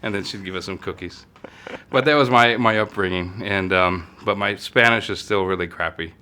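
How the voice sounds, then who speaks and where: A man from the United States, a guest in a casual interview, telling stories in a halting way with many fillers and restarts. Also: deep voice, pushed and bright. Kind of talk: casual storytelling conversation.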